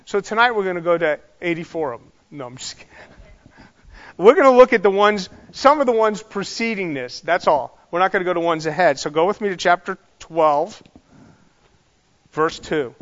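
Guy teaching bible class, kinda high voice, lots of ums and side comments, muffled lo-fi sound. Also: expressive, moderate pace, fairly bright tone. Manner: conversational, rambling, with many fillers and asides. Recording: dull sound in a large reverberant hall.

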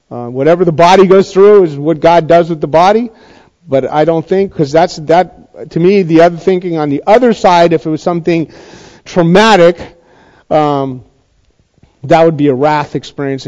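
A man's voice: on the high side, warm tone, lo-fi sound. A middle-aged man preaching a sermon in a conversational way, often asking the congregation questions. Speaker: pastor.

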